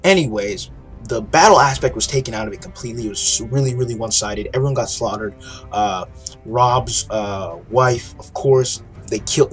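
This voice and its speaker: A man with a somewhat low voice recaps a TV episode in a casual video review. He talks excitedly, swears freely and restarts his sentences often. Faint music sits underneath. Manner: excited, profane storytelling with frequent restarts.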